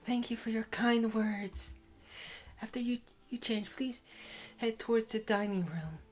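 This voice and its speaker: A man's voice: high-pitched, measured pace, pitched above the performer's own voice. A man voicing a shy, formal young maid woman in a visual novel, polite and hesitant with stumbling starts. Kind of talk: reading visual novel lines aloud.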